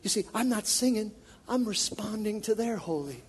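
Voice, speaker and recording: A man's voice: high voice, expressive, moderate pace. A man preaching a sermon as a worship leader, impassioned and emphatic. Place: church sanctuary. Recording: long reverb of a large hall.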